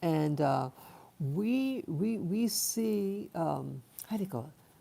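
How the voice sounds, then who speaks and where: Slow, gravelly low-voiced woman rambling. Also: expressive, mellow. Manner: halting, many fillers and restarts. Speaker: vlogger. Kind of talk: rambling personal storytelling.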